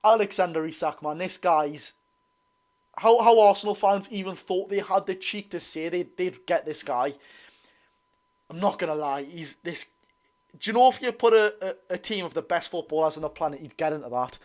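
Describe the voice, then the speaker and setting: A young man with a Geordie accent giving excitable, bantering live commentary on a football match while reading out viewer comments. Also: high voice, normal speed. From North East England. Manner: excitable, banter-filled, reads chat aloud. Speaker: football channel host.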